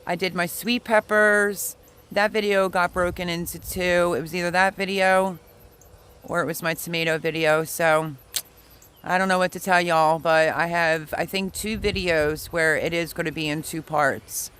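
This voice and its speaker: A man's voice: high-pitched, fairly even intonation, moderate pace, sharp tone, clear, resonant tone. A man hosting a casual livestream from his backyard garden, chatting in a rambling way and answering viewer comments. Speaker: livestream host, home gardener. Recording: noisy outdoor ambience.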